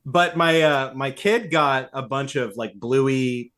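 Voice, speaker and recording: Laid-back man joking on a podcast. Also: mid-range voice. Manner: relaxed and joking, quick bursts of laughter. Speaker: co-host of a tech podcast. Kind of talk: casual chat.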